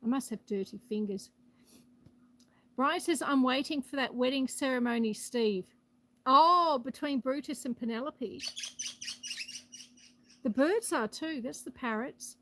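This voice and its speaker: With a phone held up for her live stream, a homestead host chats outdoors on her rural land, a little breathless, reading viewers' comments aloud. Her high-pitched, fairly bright voice is unhurried with frequent pauses, and the rough recording carries a little hiss or hum.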